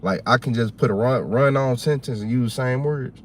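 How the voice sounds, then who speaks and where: A man with a Southern US accent hosting a livestream, chatting casually in a rambling, animated, slangy way. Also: medium pitch, moderate pace, slight background noise. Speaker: livestream host.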